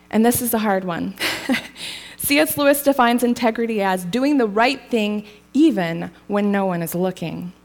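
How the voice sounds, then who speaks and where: A woman preaching a sermon in a casual, storytelling way, laughing lightly now and then. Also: a little high.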